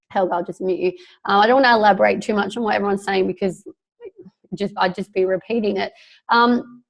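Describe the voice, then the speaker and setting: A woman leading a video call, chatty and gushing with excitement. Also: mid-range voice. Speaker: team leader hosting a video call. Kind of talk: casual video call chat.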